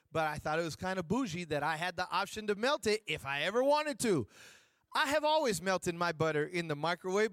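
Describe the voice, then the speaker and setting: A man's voice: sits high, fairly bright tone, no echo. A man preaching in a church, telling a comic personal story and joking with the congregation. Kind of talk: storytelling sermon.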